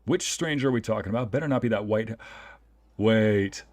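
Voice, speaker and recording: A man's voice: fairly low pitch, normal speed, a little mellow. A man streaming a let's play, commenting playfully, joking and reading game dialogue aloud. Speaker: VTuber streamer and narrator.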